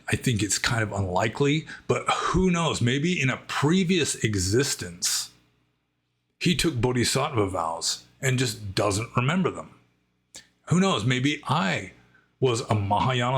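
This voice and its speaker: Man, Buddhist monk, casual question-and-answer talk, breathy husky tone, meandering asides. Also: lowish voice, fairly bright tone. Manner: rambling, thinks aloud with many "I mean" asides. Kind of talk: casual Q&A monologue.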